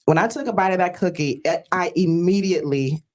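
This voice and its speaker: Host, woman from Detroit, fairly low voice, earnest storyteller, calls out praise. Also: a little fast, darkish tone. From Detroit, USA. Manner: earnest, storytelling, with frequent fillers; exclaims praise like a church greeting. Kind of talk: casual emotional talk-show hosting.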